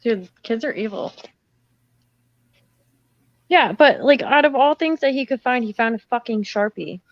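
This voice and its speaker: A woman's voice: a little high, animated, measured pace, muffled recording. A young woman joining a livestream chat as a guest over a call, talking in a laid-back, profane way. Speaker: guest, host's niece. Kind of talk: casual chat.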